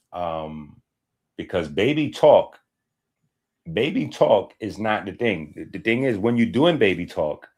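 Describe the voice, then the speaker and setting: Deep-voiced man lecturing emphatically. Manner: emphatic, lecturing, conversational asides. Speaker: holistic health streamer. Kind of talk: casual streamed monologue.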